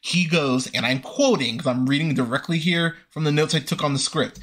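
A man's voice: fairly high pitch, fairly quick, few pauses, a bit bright. A young man hosting a movie review podcast, ranting with sarcasm and profanity about a film he disliked.

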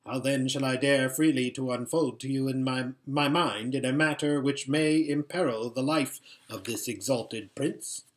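A man's voice: mid-range voice, steady tone, a little slow, hardly any pauses, natural voice. A man voicing a fawning, whining old male vizier who talks in flowery, obsequious phrases.

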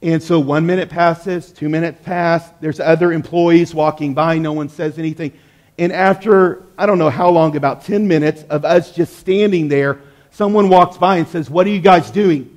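A man's voice: a little high, fairly even intonation, normal speed, darkish tone. A man in his thirties, a pastor, preaching a sermon in a conversational, storytelling way to his congregation in a church.

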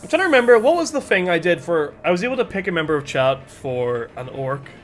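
A young man streaming a video game, chatting casually and excitedly with his viewers. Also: fairly high pitch, fast. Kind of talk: casual live-stream commentary. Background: game music and sounds.

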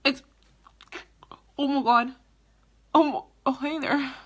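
A woman's voice: sits high, steady tone, slow. A woman who is a mother, vlogging live in a casual, dramatic way with squeals, laughter and cursing. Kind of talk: casual livestream chat.

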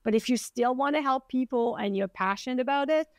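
A woman's voice: sits high, brisk, no room sound. A middle-aged woman with a French accent, hosting a casual podcast chat and animatedly acting out the voices she quotes. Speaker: podcast host, acupuncturist.

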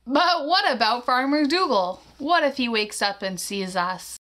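A woman voicing a cautious, friendly farm sheep in a read-along storybook, talking gently and hesitantly. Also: a little high, expressive, unhurried. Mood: worried.

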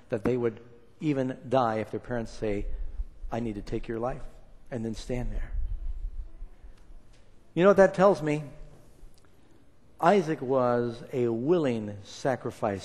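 A man preaching a sermon, retelling a story with dramatic swings between loud and hushed lines and acted quotes. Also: medium pitch. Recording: reverberant hall.

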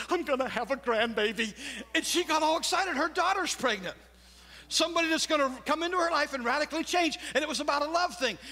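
A man's voice: extremely high pitch, pushed and bright. A man preaching a sermon as pastor, telling a story with jokes and asking the congregation questions. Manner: storytelling, laughs at own jokes, asks crowd questions. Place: church sanctuary. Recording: long church reverb.

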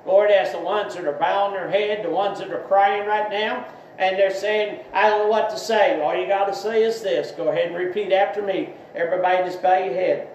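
A man's voice: steady tone, fairly quick. A man, preaching an online sermon and altar call with fervent, rising repetitions. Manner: fervent preaching, rising in pitch on repeated phrases. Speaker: pastor. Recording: distant roomy lo-fi recording with faint hiss.

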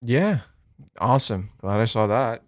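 A man's voice: mid-range voice, animated, a little slow, loud music behind the voice. A man reacting to online videos in casual, sarcastic commentary, swearing freely.

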